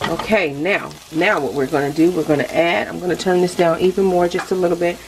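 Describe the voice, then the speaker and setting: A woman's voice: lowish voice, steady tone, brisk, slight background noise, low-quality recording. A middle-aged woman hosting a casual cooking vlog, chatting straight to her viewers from her home kitchen stove. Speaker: cooking channel host. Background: faint sizzling and frying.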